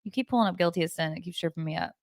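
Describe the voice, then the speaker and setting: A woman hosting a podcast, chatting casually about an album in an animated way and leaning on filler words. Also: on the low side, rapid-fire, no room sound, clean studio sound. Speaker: podcast host. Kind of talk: casual chat about music.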